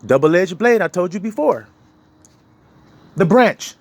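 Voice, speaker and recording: Lively, swooping man preaching. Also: takes it slowly. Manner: preachy, laughs often, swings between loud and low. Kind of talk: street sermon.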